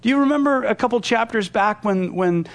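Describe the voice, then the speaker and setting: A man's voice: sits high, animated, a little fast. A man teaching a Bible passage verse by verse, explaining and retelling it in a conversational way.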